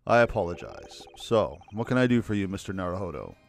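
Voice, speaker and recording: Haughty aristocrat read by a man, cold, measured, disdainful, lively pitch swings. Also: creaky, exaggerated voice. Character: haughty aloof aristocratic male lord. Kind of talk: reading game dialogue aloud.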